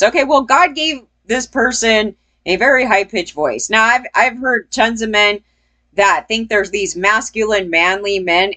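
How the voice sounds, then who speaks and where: A woman's voice: mid-range voice, a little slow, pushed and bright. A woman giving casual opinion commentary as a vlogger, blunt and profane, rambling and laughing between points.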